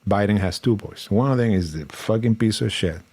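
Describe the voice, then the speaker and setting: Animated man. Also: fairly low pitch, a little fast, slightly rough. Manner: animated storyteller, acts out quotes, swears freely. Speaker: podcast co-host. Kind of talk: casual political chat.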